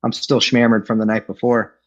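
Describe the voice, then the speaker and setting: A man's voice: medium pitch, flat delivery, fairly quick, dull audio. A middle-aged man from Los Angeles telling his recovery story at an AA meeting, wry and joking, acting out the voices he quotes, over a video call. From Los Angeles, California. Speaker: AA speaker.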